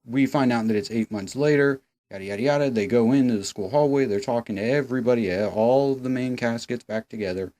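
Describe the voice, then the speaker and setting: A young man recaps an episode in a loose, sarcastic way, swearing freely. His voice is mellow and dark, with ordinary pitch for a man. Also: quick pace, few pauses. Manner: profane and sarcastic. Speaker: host.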